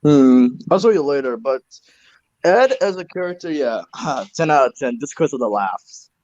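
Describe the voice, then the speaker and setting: A young man co-hosting a casual podcast chat, relaxed and chatty with loose asides. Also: medium pitch, normal speed, no echo. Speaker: co-host. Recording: dull lo-fi recording.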